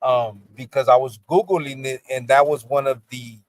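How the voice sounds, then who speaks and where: This podcast host speaks in a mid-range voice with fairly even intonation at a normal speed, captured dry. Streaming casually from his car in the rain, he stays relaxed, reads out comments from viewers, and curses easily.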